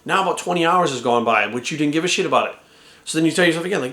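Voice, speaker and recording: A man's voice: on the high side, animated, rapid-fire, pushed and bright. Blunt, profane coach in his forties. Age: 40s. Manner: blunt, profane, repeats "right?". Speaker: fitness coach. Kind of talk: casual motivational talk to camera. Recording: echoey room.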